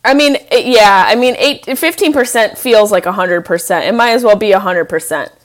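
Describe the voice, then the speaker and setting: A woman co-hosting a podcast in casual chat, animated and teasing in how she talks. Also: medium pitch, moderate pace. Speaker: podcast co-host.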